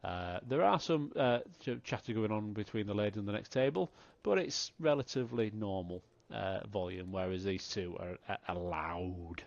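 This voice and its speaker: A man narrating as game master, talking in halting bursts with many restarts. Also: fairly low pitch, creaky, dry recording. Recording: dry, slightly dull online call audio.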